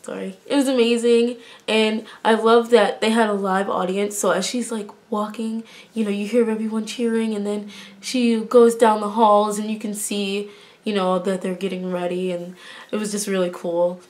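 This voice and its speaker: A young woman talking straight to her camera in an excited casual review vlog. She gushes in a bubbly rush, stacking up exclamations and fillers, with a sarcastic streak she owns up to. Her voice sits at an ordinary middle pitch for a woman. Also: moderate pace. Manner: gushing and bubbly, many fillers like "oh my goodness"; self-described sarcastic. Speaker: vlogger.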